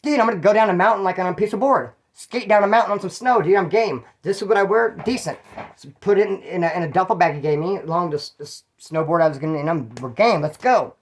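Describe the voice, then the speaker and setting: Brief: male storyteller, quick delivery, slangy and swearing, loose and rambling. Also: high voice. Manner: rambling, profane, streetwise slang. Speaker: channel host telling prison stories. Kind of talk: casual first-person storytelling.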